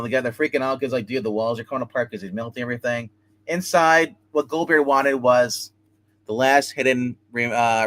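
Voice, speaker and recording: Man animatedly recapping a comic book story. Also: mid-range voice. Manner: animated storytelling, acting out characters' lines. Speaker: comic book reviewer hosting a live stream. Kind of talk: casual live-stream plot recap.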